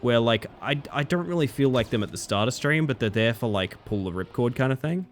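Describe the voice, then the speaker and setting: Sleepy, lively-voiced man streaming a game. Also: mid-range voice, fairly quick, a little hiss or hum. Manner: relaxed, chatty, reads chat aloud and answers it. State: sleepy, tired late at night. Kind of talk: casual live-stream gaming commentary.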